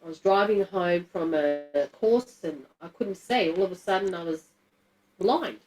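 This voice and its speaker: A woman's voice: lowish voice, measured pace, darkish tone, low-quality recording. A middle-aged woman, telling a personal story to a group in a candid, blunt and emotional way, swearing freely. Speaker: guest telling her story.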